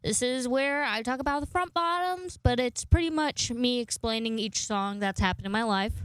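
A woman's voice: a little high, expressive, moderate pace, a bit bright, clear, resonant tone, dry recording. A woman in her twenties hosting a podcast into a microphone, chatting in a rambling way and swearing freely. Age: 20s. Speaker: podcast host. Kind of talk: casual podcast monologue.

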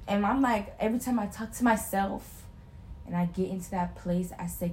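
A woman's voice: mid-range voice, moderate pace, very noisy. Young woman in casual chat, emotional and swears a lot, says like constantly. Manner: emotional, animated, swearing, lots of "like" fillers.

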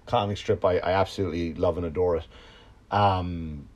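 A comedian hosting his own podcast, with a fairly low voice. He tells a rambling anecdote full of swearing, bursting loud on punchlines and then dropping to a quiet mutter. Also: normal speed, lo-fi sound. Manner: animated, profane, swings between loud outbursts and low mutters. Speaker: stand-up comedian and podcast host. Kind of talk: casual storytelling monologue.

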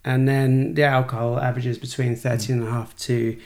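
A man's voice: mid-range voice, little pitch movement, a little fast, a little mellow. A man talking casually on a podcast, explaining wine and listing flavors at length as the expert of the group. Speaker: wine expert guiding a tasting.

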